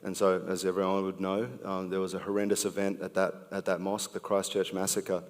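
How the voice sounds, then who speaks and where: A man's voice: low voice, monotone. An Australian man performing spoken word poetry, with rhythmic, punchy phrasing and easygoing talk between poems. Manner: rhythmic, punchy delivery, slow deliberate phrasing. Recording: long hall reverb.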